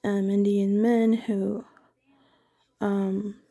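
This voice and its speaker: Woman just chatting to camera, slow and rambly, keeps restarting her sentences, pretty flat voice. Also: mid-range voice. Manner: meandering, candid, frequent self-corrections. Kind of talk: casual personal monologue.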